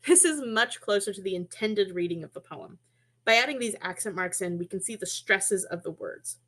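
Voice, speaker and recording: A woman's voice: medium pitch, animated, normal speed, fairly bright tone. A woman presenting an online lesson on poetry and music, explaining in a friendly, casual way with small asides and self-corrections, heard through a computer mic.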